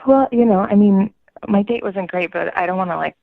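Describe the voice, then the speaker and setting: A woman's voice: mid-range voice, brisk, vocal fry, no room sound. Incredulous woman on a muffled phone call. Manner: animated, incredulous storytelling. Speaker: caller.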